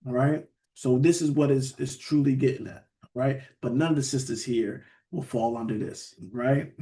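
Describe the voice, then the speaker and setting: A man's voice: a little high, darkish tone. A man. He talks conversationally, reads verses aloud, and keeps checking in with his listeners by asking "right?". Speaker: Bible teacher. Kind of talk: scripture study teaching.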